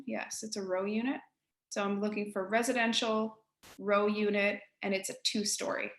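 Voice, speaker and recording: A woman with an East Coast Canadian accent, a real estate agent giving colleagues a casual, direct software tutorial. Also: medium pitch, reverberant. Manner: chatty, direct, addresses listeners as guys.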